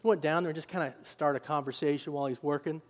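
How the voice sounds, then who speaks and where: A male pastor preaching in a high, bright register, his voice ringing through a large hall with a long, lingering reverb. He swings between hushed, close passages and loud, emphatic bursts. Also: steady tone, quick pace. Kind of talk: sermon.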